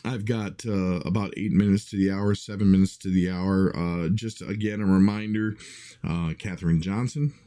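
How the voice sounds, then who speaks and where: A male show host in full rant, preaching hard at his listeners and pushing his voice up as he goes. The tone stays mellow and dark underneath the heat. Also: sits low, fairly even intonation, normal speed. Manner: fired-up, preachy, raises his voice. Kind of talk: impassioned monologue.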